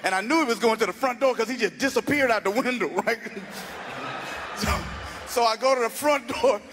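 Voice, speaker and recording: Loud animated comic guy, really high voice, laughs at his own jokes, noisy room. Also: a little fast. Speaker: stand-up comedian. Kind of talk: stand-up comedy storytelling.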